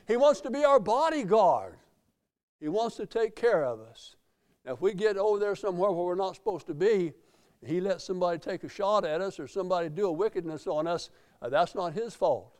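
A middle-aged American man preaching a sermon, telling folksy stories and swelling loud in praise. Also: high voice. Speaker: pastor.

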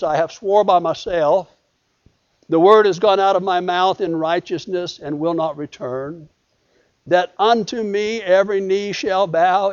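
Preacher guy, kinda high voice, goes loud then real quiet, dull lo-fi recording. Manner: dramatic swings from loud emphatic to hushed quoting; repetitive cadence. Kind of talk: sermon.

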